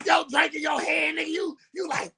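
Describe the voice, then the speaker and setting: A man's voice: extremely high pitch, a little fast, vocal fry, raised voice. A man co-hosting a podcast, chatting casually and telling stories with lots of swearing and slang. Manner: animated storytelling, swearing, slang-heavy. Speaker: podcast co-host. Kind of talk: casual chat.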